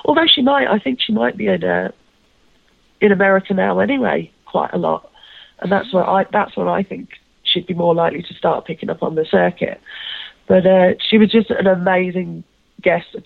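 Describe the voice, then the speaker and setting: A woman's voice: on the low side, normal speed, gravelly, no echo. Casual co-host, woman, self-deprecating rambler, over a dry, phone-line quality mic. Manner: rambling, self-deprecating, many fillers and restarts. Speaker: podcast co-host. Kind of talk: casual chat recounting a convention.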